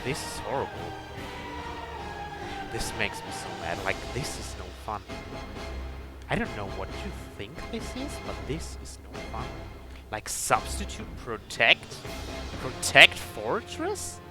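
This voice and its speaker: A man's voice: lowish voice, big pitch swings, a little slow, long pauses, loud music behind the voice. A young man giving game commentary, complaining angrily and swearing at his opponent. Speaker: gaming commentator.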